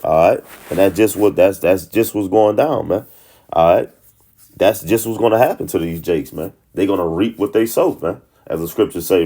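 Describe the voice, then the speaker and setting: Deep and warm, this man's voice moves at a moderate pace as he teaches scripture informally. He's forceful and worked up, tripping over restarts and ending almost every phrase with "man."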